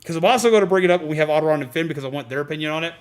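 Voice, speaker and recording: A man's voice: on the high side, rapid-fire, a little hiss or hum. A man streaming a game in casual, goofy chat, who also talks to his pet bird. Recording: game music playing under the voice.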